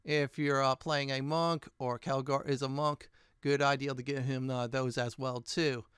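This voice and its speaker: A man's voice: mid-range voice, level tone, a little slow, a bit bright, clear, resonant tone, no echo, clean studio sound. A man hosting his gaming channel, chatting casually and thinking aloud as he loots in a let's-play.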